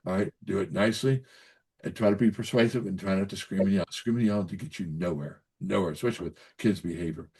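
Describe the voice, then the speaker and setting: An older man speaks in a low voice, offering blunt parenting and health advice. He talks in a folksy, emphatic way, repeating words and checking in with the listener as he goes. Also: quick pace, darkish tone, slightly rough. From Kentucky. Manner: folksy, repetitive, emphatic with frequent "so anyways" and "okay?". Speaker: pediatrician guest. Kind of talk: casual advice-giving interview.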